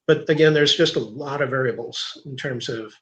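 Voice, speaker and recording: A man as a guest in an interview, explaining soil science in a measured way, thinking aloud with fillers and restarts. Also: medium pitch. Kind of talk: technical interview answer.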